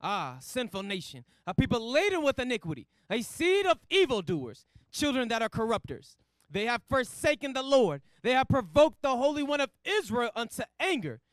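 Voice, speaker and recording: A man reading scripture verses aloud in a measured, deliberate way. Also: very high voice, sing-song, dry recording. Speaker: scripture reader.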